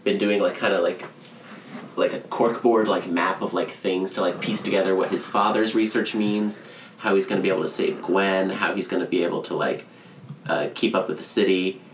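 Low-voiced male podcast co-host, rambling casual recap, distant mic in an echoey room. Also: fairly even intonation, moderate pace, slight background noise. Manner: rambling, many "like" fillers. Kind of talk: casual movie recap chat.

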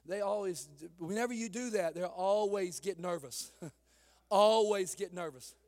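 High-voiced man preaching with passion. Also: measured pace. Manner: impassioned preaching that swings from shouting to soft, calling listeners "honey"; laughs at his own jokes. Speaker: pastor. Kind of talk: sermon.

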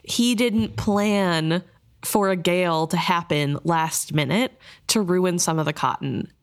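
A woman's voice: lowish voice, slow pace, clean tone. A woman co-hosting a casual book discussion, chatty, often saying "like" and laughing easily.

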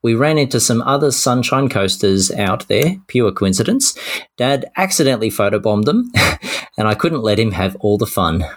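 A man's voice: on the low side, animated, moderate pace. A man co-hosting a podcast, cheerfully reading out listener messages with self-deprecating asides. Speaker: podcast co-host.

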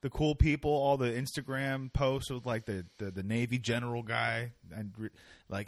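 A man's voice: mid-range voice, fairly even intonation, normal speed, dry recording. A man hosting a podcast in casual comedic chat, joking, swearing and rambling. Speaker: podcast host.

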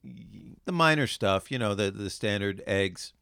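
A man co-hosting a podcast talks in a loose, easygoing way, leaning on fillers as he explains. His voice is smooth and fairly low, recorded close and dry with no room sound around it. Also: animated, moderate pace, a bit bright, no room sound. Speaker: podcast co-host. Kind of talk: casual chat.

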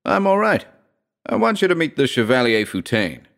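A man's voice: medium pitch, very animated, normal speed, gravelly, a bit bright, pitched above the performer's own voice. A man voicing a haggard young man who speaks brusquely and defensively in an audiobook story. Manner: snapping, tense, defensive.

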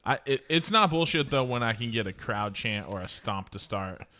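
A man co-hosting a podcast from a studio, with a bright, forward voice and a lively, swooping pitch. He jokes and teases his way through casual banter. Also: normal speed. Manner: joking, teasing banter. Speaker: podcast co-host. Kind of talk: casual chat.

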